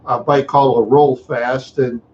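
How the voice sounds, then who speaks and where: A man's voice: mid-range voice, steady tone, measured pace, a little mellow, a little hiss or hum. Rambling middle-aged man from Minneapolis. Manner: rambling, chuckling, with sound effects. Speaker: live streamer. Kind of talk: rambling storytelling. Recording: dull lo-fi recording.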